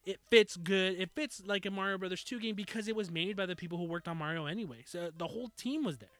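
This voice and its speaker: A man hosting a casual podcast, wrapping up the episode in a relaxed way with fillers. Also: high-pitched. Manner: relaxed, drawn-out wrap-up talk with fillers. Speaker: podcast host.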